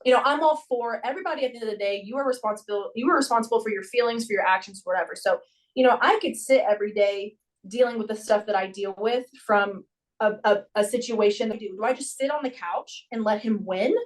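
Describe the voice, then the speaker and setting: A young adult woman, a gymnastics coach, talking in a casual conversation and acting out her stories with lively voices. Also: fairly high pitch, fast talker, far from the mic, rough recording. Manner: animated storyteller who acts out her own and children's voices. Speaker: gymnastics coach and podcast guest.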